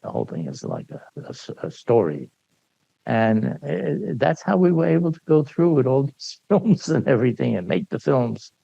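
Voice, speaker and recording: Older male storyteller, gravelly and lively, acts out the dialogue, heard on a dull, dry lo-fi recording. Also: medium pitch, moderate pace, no echo. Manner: animated, acts out dialogue, laughs often. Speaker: speaker sharing memories at a gathering. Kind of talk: anecdotal storytelling to an audience.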